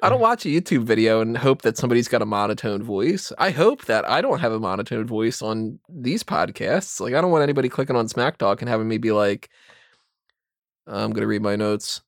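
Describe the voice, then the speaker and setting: Male podcast co-host, casual and lively, breaks into impressions now and then, dry close sound. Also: medium pitch, fast talker, hardly any pauses, dry recording. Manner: animated, mimics other commentators' voices.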